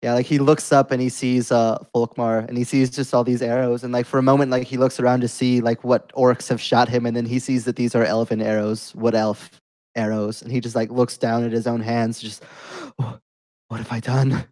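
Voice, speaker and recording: A man playing a tabletop game chats easily about his dice rolls and his character. His voice sits in a middle pitch, and the recording is dry and close. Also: little pitch movement, brisk, a little mellow, dry recording. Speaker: player. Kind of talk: casual tabletop game play.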